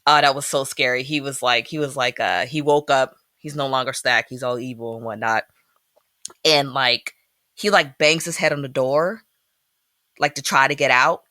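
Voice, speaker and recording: A woman's voice: rumbling low, normal speed, no echo, clean studio sound. A woman from Philadelphia co-hosting a podcast, chatting casually and expressively about a film she reviews. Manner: animated, expressive, teasing. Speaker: podcast co-host.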